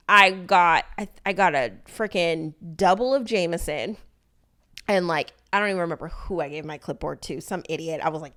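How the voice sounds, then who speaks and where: Animated swearing woman podcast host. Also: mid-range voice. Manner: animated, swearing, acts out quoted dialogue. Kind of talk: casual storytelling chat.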